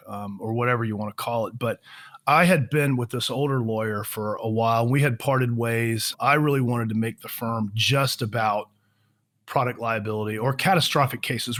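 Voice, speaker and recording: A man in his fifties, a trial lawyer guest on a podcast, telling his career story in a relaxed, self-deprecating way with many fillers and restarts. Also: mid-range voice. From Florida.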